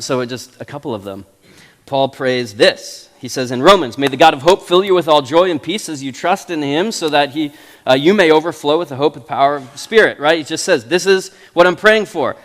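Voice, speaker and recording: A Canadian man in his thirties delivers a sermon in a chatty, animated way, often restarting his sentences. His voice sits a little high for a man. The sound carries the long reverb of a church hall. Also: normal speed. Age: 30s. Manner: animated, conversational preaching with restarts. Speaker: pastor. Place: church sanctuary.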